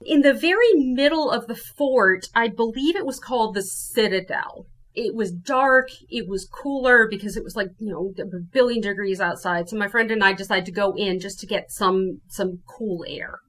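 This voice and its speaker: A woman from New Orleans, a guest telling her ghost story in casual, animated talk. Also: mid-range voice, moderate pace. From New Orleans, USA. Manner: animated, acts out her own quotes.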